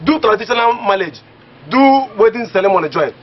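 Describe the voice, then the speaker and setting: Man as a teasing village pal, Nigerian Pidgin accent, high, lively sing-song voice, muffled audio. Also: fairly quick. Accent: Nigerian Pidgin English. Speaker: friend from the village. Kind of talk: comedy film acting.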